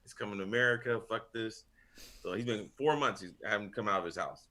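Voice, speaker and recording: A man's voice: fairly low pitch, fast, sharp tone. A man on a casual podcast panel, telling a long rambling story full of swearing and laughter. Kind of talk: casual chat.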